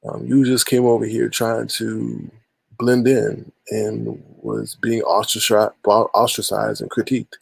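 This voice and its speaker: A man hosting a casual call-in livestream, with a heavily gravelly, husky voice. He talks to callers and his chat by name and tends to repeat his phrases. The sound is dry and close. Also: fairly low pitch, little pitch movement, unhurried, no echo. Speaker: livestream host.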